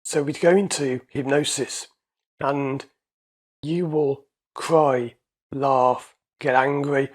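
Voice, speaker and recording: A man's voice: mid-range voice, fairly even intonation, slow. A man, an anxiety coach and hypnotherapist, explaining his ideas in a casual, conversational way and repeating his points.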